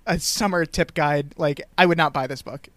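Man, podcast host, wry recap chat, frequent laughs, slightly high voice, dry close sound. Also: normal speed, a bit bright, no room sound. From Long Island. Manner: laughs often, recaps scenes wryly.

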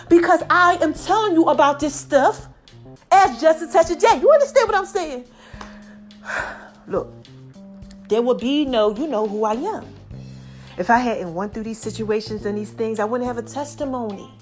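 Expressive high-voiced woman podcast host. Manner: expressive, preachy, talks straight to listeners. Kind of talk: casual testimony monologue.

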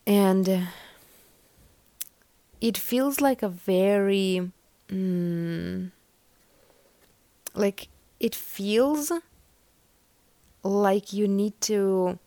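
A woman's voice: medium pitch, drawn-out words, pauses often, mellow. A young woman hosting a podcast, chatting casually and giving a collective tarot reading, meandering with many fillers. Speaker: podcast host.

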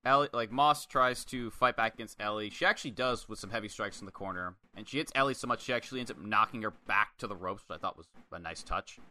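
Bright-voiced man recapping wrestling casually. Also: lowish voice, fast, hardly any pauses. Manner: animated, swears, acts out quotes. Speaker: podcast co-host. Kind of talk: casual wrestling review chat.

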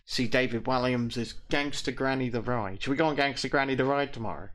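A man's voice: mid-range voice, fairly quick, fairly bright tone. A man co-hosting a live stream, chatting casually in a playful, teasing, rambling way. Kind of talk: casual chat.

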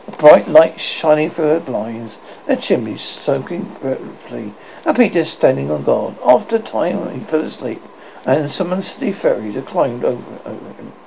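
A man reading a children's storybook aloud, with a gravelly, slightly high voice and a lively, rising and falling delivery. He often stumbles and goes back over words. The recording is dull and lo-fi, with a faint hiss of background noise. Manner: halting, self-correcting reading. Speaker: audiobook reader.

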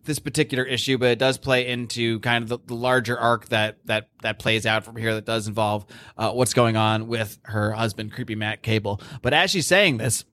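Bright-voiced man recapping a comic. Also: mid-range voice, steady tone, moderate pace. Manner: recaps plot animatedly, lots of fillers and restarts. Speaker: podcast host. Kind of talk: casual comic book discussion.

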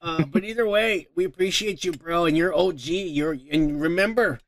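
A man's voice: on the high side, normal speed, noisy background. A man hosting a casual podcast, rambling and cursing as he reads out listener comments. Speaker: podcast host.

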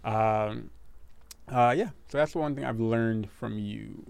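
A man's voice: fairly low pitch, takes it slowly, creaky, smooth, dry recording. A man talking casually with his partner, rambling, often repeating words and laughing. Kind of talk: casual couple chat.

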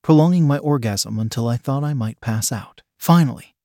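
A man narrating an erotic story in a steady, even reading manner. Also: medium pitch, moderate pace, no room sound, clean studio sound.

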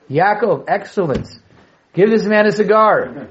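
Teacher type: man with a high voice, lively and quizzing the class, dull lo-fi sound. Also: normal speed. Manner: animated, repeats key words, asks the class questions, joking asides. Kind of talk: Torah class lecture to students.

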